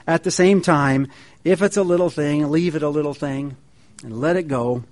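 Brief: middle-aged male pastor, high voice, folksy anecdotal sermon delivery. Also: normal speed. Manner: folksy storytelling, animated quoted voices. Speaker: pastor and feast coordinator.

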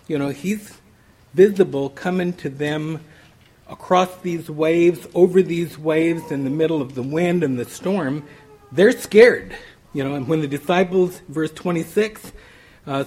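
Husky-voiced man preaching conversationally. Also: on the high side, darkish tone. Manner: conversational, many restarts and "you know". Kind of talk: sermon.

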